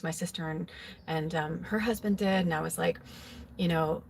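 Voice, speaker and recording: A woman with a lowish voice talks through a personal memory in an easy, confessional ramble. She strings her thoughts together with constant "like" and "you know." Her tone stays open and emotional throughout. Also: steady tone, fairly quick, gravelly, slight background noise. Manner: rambling, filler-heavy, with frequent "like". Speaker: psychic tarot reader. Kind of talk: casual personal storytelling.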